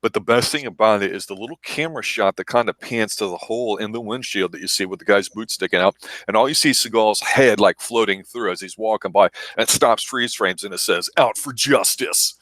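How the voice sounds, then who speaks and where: A man hosting a casual movie review podcast, telling stories with animated laughter. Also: lowish voice, a little fast, no echo. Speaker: podcast host.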